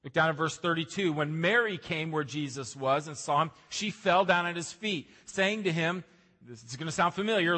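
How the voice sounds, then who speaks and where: Male pastor, fairly high bright voice, earnest sermon delivery, church hall reverb. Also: normal speed. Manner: earnest preaching, rising emphasis on key lines. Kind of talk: sermon with scripture reading. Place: church sanctuary.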